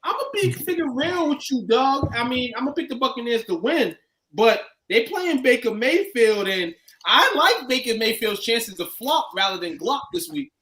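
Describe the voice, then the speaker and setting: A man's voice: extremely high pitch, animated, moderate pace, pushed and bright. A man co-hosting a casual sports chat, slangy and laid-back. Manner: slangy, laid-back, calls people dog. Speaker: sports podcast co-host.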